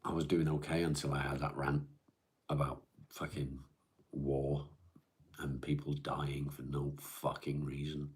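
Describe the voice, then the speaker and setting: A middle-aged man hosting a live stream, chatting in a weary, halting way with many restarts. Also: very deep voice, level tone, breathy edge. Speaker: live-stream host reading viewer comments. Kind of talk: casual chat.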